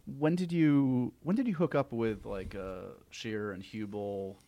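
Low-voiced man asking halting questions. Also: dry recording, highs cut off. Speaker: podcast host. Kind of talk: casual interview.

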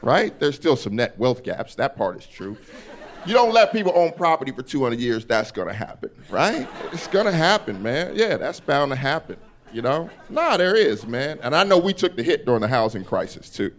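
A man's voice: mid-range voice, moderate pace. A man performing a stand-up comedy set on a club stage, telling stories animatedly and acting out characters. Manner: animated storytelling, acts out characters in quotes.

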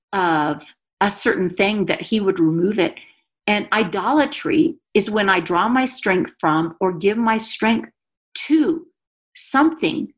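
A woman guest, an author and speaker, talking animatedly and emphatically about faith in a podcast conversation. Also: mid-range voice. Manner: animated and emphatic, quick asides with laughter.

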